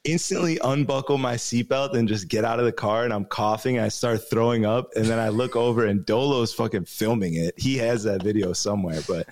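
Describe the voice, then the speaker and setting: A man's voice: medium pitch, a little fast, few pauses, a little mellow. A man from Chicago, a guest DJ, telling stories in laid-back, slangy casual chat with free swearing.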